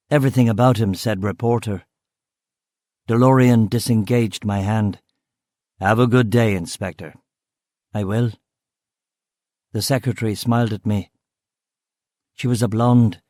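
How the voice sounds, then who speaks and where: A man narrating a crime novel in the first person, steady and measured. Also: medium pitch, no echo, clean studio sound. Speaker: audiobook narrator.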